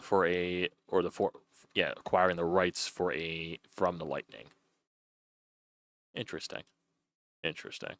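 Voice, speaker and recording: A man's voice: low-pitched, a bit bright, dry recording. A young man doing loose, chatty play-by-play on a live stream, swearing freely as he calls a baseball game.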